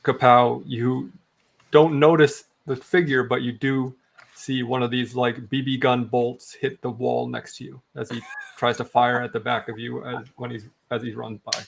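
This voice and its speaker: Male game master, gravelly, laid-back, halting delivery. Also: mid-range voice, flat delivery, a little hiss or hum. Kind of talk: narrating a tabletop game.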